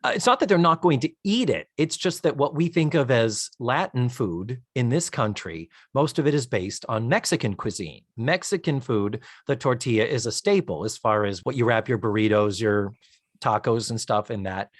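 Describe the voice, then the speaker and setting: Male podcast co-host, casual and lively, swears and laughs a lot, dry close mic. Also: medium pitch, moderate pace, no echo. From United States. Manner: animated, acts out characters' lines in funny voices.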